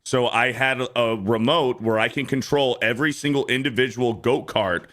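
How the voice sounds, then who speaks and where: A man co-hosting a casual stream, telling a story in a profane, animated way and acting out the quotes. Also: medium pitch, normal speed. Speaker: stream co-host.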